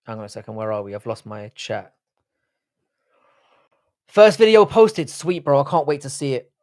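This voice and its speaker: A man's voice: fairly low pitch, fast. A man with a London accent hosting a live stream, chatting casually, reading the chat aloud and trading crude banter. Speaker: livestream host.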